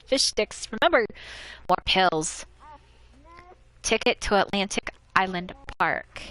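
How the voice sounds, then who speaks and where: A woman's voice: mid-range voice, lively intonation, slow, pauses often, a bit bright, poor audio. An American woman streaming a horror game, chatting casually, laughing often and reading items aloud. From United States. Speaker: gaming streamer. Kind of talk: casual let's-play chat.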